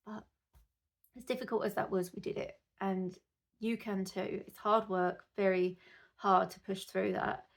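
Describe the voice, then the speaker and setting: A woman's voice: mid-range voice, fairly even intonation, unhurried, creaky. A woman, a mother, chatting to camera in a rambling, casual way that turns indignant. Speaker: mother vlogger.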